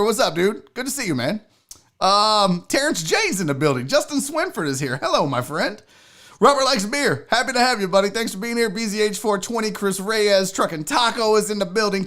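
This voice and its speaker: A man hosting a casual livestream, joking around, giving chat shout-outs and swearing freely. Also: sits high. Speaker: host.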